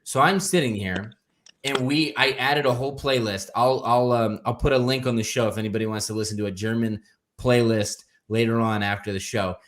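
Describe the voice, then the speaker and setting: Male comedy podcast host, lively storyteller, mid pitch, faint noise behind. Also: fairly quick. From Phoenix area. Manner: animated storytelling, laughs often. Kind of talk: casual comedy chat.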